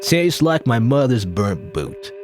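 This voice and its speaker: A man doing a drawling gruff cowboy sheriff. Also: medium pitch, very animated, slow, over music. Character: gruff mustachioed cowboy sheriff, cool and menacing.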